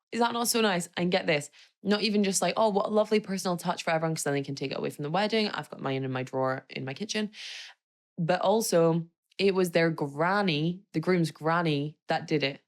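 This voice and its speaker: A woman hosting a podcast, chatting casually on her own in a gushing, self-mocking way. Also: low voice. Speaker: podcast host. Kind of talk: casual solo podcast chat.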